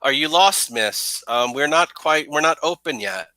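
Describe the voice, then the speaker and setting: A man voicing a polite, calm young temple keeper in a mask. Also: fairly high pitch, measured pace, no echo, low-quality recording.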